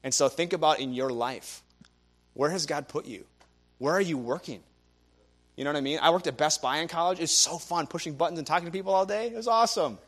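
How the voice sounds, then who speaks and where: A man's voice: on the high side, fast talker, a bit bright. A young man preaching a sermon, telling stories animatedly and acting out the people he quotes. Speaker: guest preacher.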